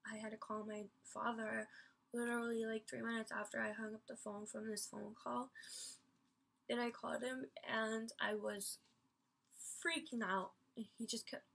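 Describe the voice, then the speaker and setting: A woman's voice: fairly high pitch, little pitch movement, normal speed, vocal fry, a bit bright. A woman vlogger telling a personal story in an emphatic, rambling way, full of fillers and casual swearing.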